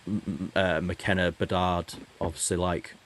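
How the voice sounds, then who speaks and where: A man's voice: low voice, little pitch movement, a little slow, fairly bright tone. A man co-hosting a hockey podcast, talking casually and rambling with many restarts. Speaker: podcast co-host.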